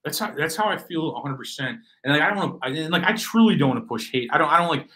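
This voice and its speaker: A man chatting as a podcast guest, animated and swearing, acting out voices and often saying "bro". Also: fairly high pitch, quick pace, over a noisy crowd, low-quality recording. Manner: animated, swears, acts out quoted voices, says "bro" a lot. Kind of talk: casual chat.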